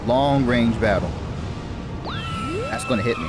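A man commentating live on his own gameplay, excitable, repeating phrases and swearing at the enemies on screen. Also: mid-range voice, unhurried, over loud music. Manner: excitable, repeats himself, swears and laughs at the game. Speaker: gamer.

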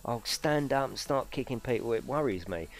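A man's voice: medium pitch, lively intonation, normal speed. A man hosting a live racing stream from his home rig, chatting casually with viewers, swearing and exaggerating as he talks.

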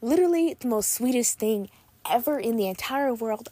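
A woman's voice: medium pitch, a little fast, warm tone, no echo. A young adult woman hosting a casual podcast, gushing and bubbly, with lots of "literally" and "like" filler. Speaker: podcast host.

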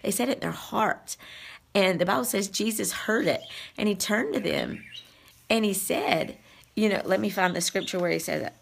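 A woman's voice: medium pitch, normal speed, vocal fry, slight background noise. A woman giving a casual devotional Bible teaching, talking straight to her listeners and reading scripture aloud. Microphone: streaming over the internet.

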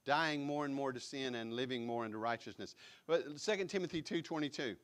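A man's voice: medium pitch, a little fast, fairly bright tone. A man preaching a sermon as pastor, emphatic, repeating key words and putting direct questions to the congregation. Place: church sanctuary.

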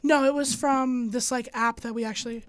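A young woman hosting a podcast, chatting casually with a dry, sarcastic, deadpan manner and lots of fillers. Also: a little high, moderate pace, dry recording. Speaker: podcast host.

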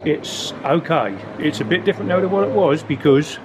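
A man's voice: on the high side, a little fast. A man in his sixties with a North Essex accent, chatting on the street as a folksy, rambling storyteller with dry humour. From North Essex, England. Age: 60s. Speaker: local resident being interviewed. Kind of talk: casual street chat. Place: outdoors on a town street. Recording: outdoor street with passing traffic.

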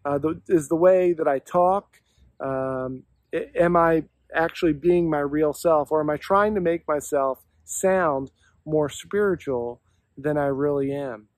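Male pastor, earnest and reflective devotional teacher, slightly high voice. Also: a little slow, no room sound. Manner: earnest, reflective, posing questions to listeners.

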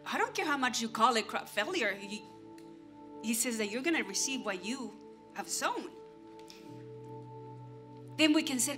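Woman pastor preaching, kinda high voice, acts stuff out, music going behind. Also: normal speed, pauses often. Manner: animated, acts out everyday scenes with props. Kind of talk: sermon. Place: church stage.

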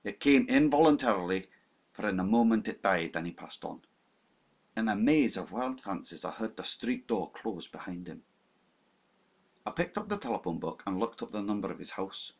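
A man's voice: deep voice, expressive, moderate pace, vocal fry, husky. A man narrating an unabridged classic novel in the first person with a dramatic reading. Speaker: audiobook narrator.

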